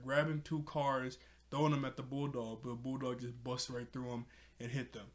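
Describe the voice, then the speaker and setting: An excitable young man rambles through a casual episode recap, piling up fillers and correcting himself as he goes. He laughs easily, and his voice sits at an everyday middle pitch. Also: normal speed. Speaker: video reviewer.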